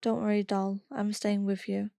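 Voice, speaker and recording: A woman reading aloud the quoted lines of a blunt, frightened man in her own flat voice. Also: mid-range voice, normal speed, creaky, dry recording, clean studio sound, natural voice.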